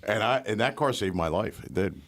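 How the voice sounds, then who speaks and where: A man's voice: lowish voice, lively intonation, brisk, fairly bright tone, slight background noise. A man co-hosting a comedy podcast, telling profane, self-mocking anecdotes in a rambling way. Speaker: podcast co-host. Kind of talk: casual comedic storytelling.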